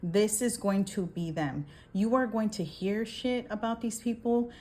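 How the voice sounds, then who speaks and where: A woman's voice: medium pitch, a little slow, darkish tone. A woman giving a casual tarot reading, talking emphatically, swearing and often checking in with "okay?". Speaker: tarot reader.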